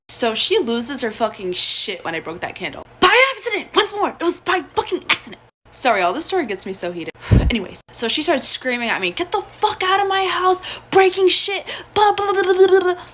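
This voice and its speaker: A young woman telling a personal story in a casual, blunt and profane way, animated throughout. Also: fairly high pitch, slight background noise.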